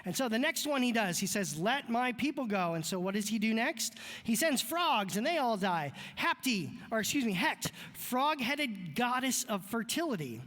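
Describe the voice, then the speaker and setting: A pastor giving a casual sermon in a church, chatty and joking, with asides to the congregation. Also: male voice, very high voice, big pitch swings, normal speed, hardly any pauses, a bit bright. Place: church sanctuary. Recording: reverberant church hall.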